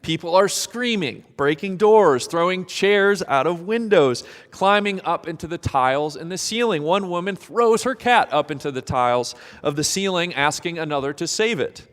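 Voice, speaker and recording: A male pastor preaching a sermon, dramatic and expressive, sometimes acting out the voices of people in the story. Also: sits high, moderate pace, hardly any pauses, long reverb tail.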